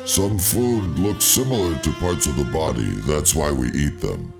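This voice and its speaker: Brief: deep, sing-songy doddering old doctor, a man putting it on, rambles off topic, music bed. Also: expressive, unhurried, creaky, full character voice. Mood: rambling. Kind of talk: spoof TV drama skit.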